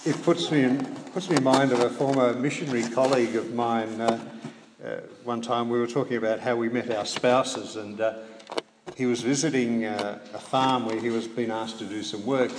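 A man preaching a sermon in a measured way, with rhetorical questions and dry humorous asides. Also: medium pitch, fairly even intonation. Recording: echoey hall, faint background noise.

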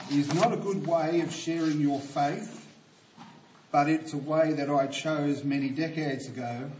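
A man's voice: fairly high pitch, a little mellow, a little hiss or hum. An older man preaching a sermon, praying and telling a story in an earnest, emphatic way. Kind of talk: sermon with opening prayer. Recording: roomy echo from a distant mic.

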